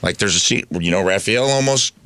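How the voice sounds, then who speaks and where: A radio co-host man with a low voice and a bright, cutting edge. He jokes around, excitable and playful, in loose banter. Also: fairly quick, clear, resonant tone. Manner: excitable, jokey.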